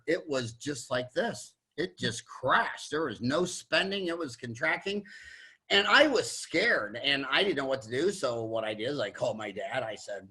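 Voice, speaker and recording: A man in his sixties who hosts a podcast, telling stories in a casual chat, animated, stumbling into restarts and acting out the people he quotes. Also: a little high, husky. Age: 60s. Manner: animated storyteller, quick restarts, acts out quotes. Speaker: podcast host, dentist.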